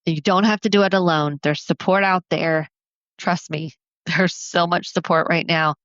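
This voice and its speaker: A woman hosting a podcast as a family therapist, talking earnestly and encouragingly, counting off her points slowly. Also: fairly low pitch, fairly even intonation, fairly bright tone, dry recording, highs cut off. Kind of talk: solo podcast talk.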